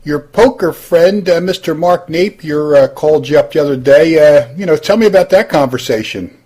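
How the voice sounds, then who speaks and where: A man's voice: on the high side, moderate pace, warm tone. A man hosting a comedy roast, interviewing classmates with lots of hesitant fillers.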